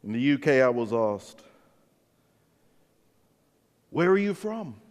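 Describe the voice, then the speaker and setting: A man with an English accent preaching a sermon as a pastor, telling stories in an animated way and acting out the dialogue. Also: mid-range voice, slow pace. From England. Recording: long reverb of a large hall.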